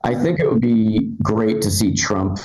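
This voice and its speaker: Rambling stand-up comic in an echoey club. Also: male voice. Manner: rambling, halting delivery with many ums and restarts; jumps high and loud for quoted voices. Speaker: stand-up comedian. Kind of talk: live stand-up set. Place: comedy club stage. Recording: echoey comedy club room.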